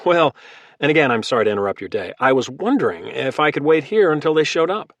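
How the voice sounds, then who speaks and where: A man voicing a calm, calculating former Marine who talks in a friendly, easygoing way. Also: fairly high pitch, fast talker, no echo. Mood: casual. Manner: casual and friendly, turning hard.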